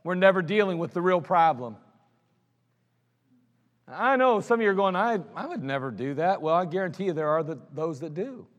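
A man's voice: high-pitched, lively intonation, normal speed, pauses often, highs cut off. A man preaching a sermon as a pastor, blunt and scolding, with mocking asides. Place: church sanctuary. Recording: long hall reverb of a church sanctuary.

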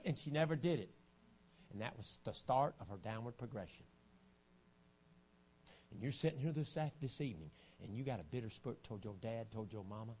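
A man preaching a revival sermon, dropping to a low, hushed storytelling voice and then rising to loud, shouted preaching. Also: lively intonation, a little fast, pauses often. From United States. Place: church sanctuary. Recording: archived church recording with faint hum.

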